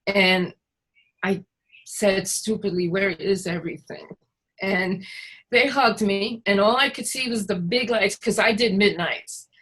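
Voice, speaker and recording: A woman recovery worker telling her own story, hesitant with frequent pauses and fillers. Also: mid-range voice, a bit bright, slightly rough, rough recording. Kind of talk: personal storytelling in a conversation.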